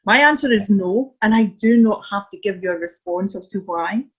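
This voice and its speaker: A woman's voice: medium pitch, normal speed, slightly rough. A woman guest giving earnest advice with examples in casual chat. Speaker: guest coach. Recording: dull lo-fi sound.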